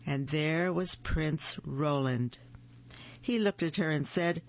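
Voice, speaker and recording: A storyteller reading picture books aloud at a gentle, unhurried pace, in a gravelly voice. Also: mid-range voice. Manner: slow, gentle read-aloud pacing. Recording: muffled, dull recording.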